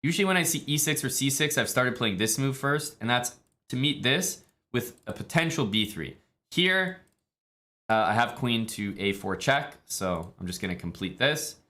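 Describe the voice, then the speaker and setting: A man from Canada, streaming chess in a relaxed, chatty way with many fillers. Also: medium pitch, normal speed. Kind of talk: casual live-stream commentary.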